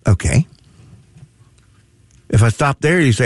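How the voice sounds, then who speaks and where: Male talk radio host, folksy and curmudgeonly, lively swooping pitch, gravelly edge, dry close studio sound. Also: moderate pace, dry recording. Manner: self-mocking curmudgeonly rambling with many restarts.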